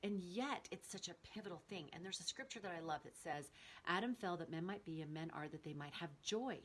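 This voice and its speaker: A middle-aged woman host telling personal stories in a casual, earnest and animated way. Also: fairly low pitch, fairly quick. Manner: earnest, animated storytelling with rising excitement.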